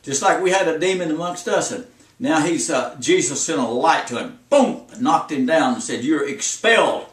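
An old preacher in his seventies delivers a folksy sermon, repeating his points and urging listeners on. His voice sits high for a man. It rings in an echoey room and he stands some distance from the microphone. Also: lively intonation, moderate pace. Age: 70s. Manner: folksy, repetitive, exhorting.

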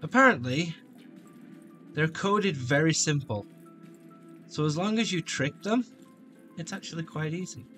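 A man giving let's play commentary on a shooter, jokey and taunting enemies with sudden shouts. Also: on the high side, animated, measured pace, long pauses, soft background music. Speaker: gameplay commentator.

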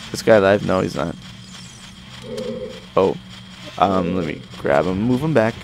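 Profane, excitable young gamer man. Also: low-pitched, a little slow, creaky, slight background noise. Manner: profane, excitable running commentary with sudden exclamations. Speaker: let's play gamer. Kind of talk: casual gameplay commentary. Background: game music.

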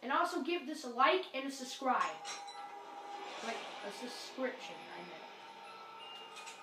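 A woman giving casual commentary over a zombie video game. She talks excitably, often exclaiming and apologizing to her viewers. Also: high voice, takes it slowly, pauses often. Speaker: gameplay commentator. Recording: roomy, distant mic, noisy game audio.

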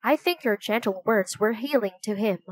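A woman's voice: medium pitch, normal speed, dry recording, natural voice. A woman voicing a confident, cheerful young man who speaks in a polite, old-fashioned way in a storybook reading.

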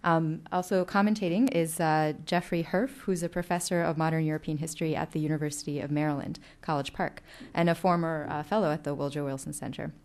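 A woman's voice: low-pitched, fairly even intonation, brisk, hardly any pauses, darkish tone. A woman moderating an event, reading speaker biographies with frequent fillers. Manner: reads bios with frequent fillers.

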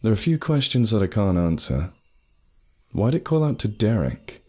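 A man narrating a horror story in an expressive, storytelling way. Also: lowish voice, moderate pace, breathy edge.

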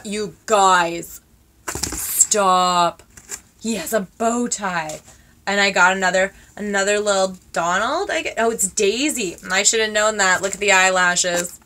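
A woman in her twenties chatting casually to her viewers as she unboxes gifts, gushing and excitable with lots of fillers. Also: medium pitch, unhurried. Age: 20s. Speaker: vlogger.

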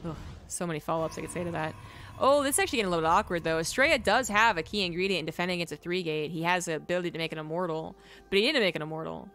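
A man's voice: sits high, pushed and bright. A young Canadian man with a General American accent, casting a strategy game live and trading sarcastic jokes with his chat. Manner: joking, sarcastic asides to chat. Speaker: esports caster. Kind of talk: live game commentary, chatting with viewers.

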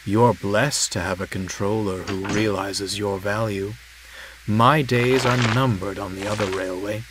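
Dudley, a man voicing a deep courtly engine. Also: steady tone, noisy background, natural voice. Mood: courteous. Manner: courtly, polite, slow formal speech. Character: deep hoarse male engine, formal and aloof.

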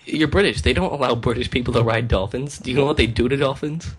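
A man's voice: mid-range voice, fast talker, slightly rough. A young man co-hosting a casual gameplay chat, laid-back and teasing his friend. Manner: laid-back, teasing, says "dude" often. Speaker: gaming channel co-host.

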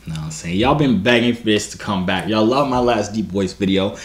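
A man's voice: lowish voice, brisk. A young man vlogging in casual chat, slangy and asking "you feel me" again and again.

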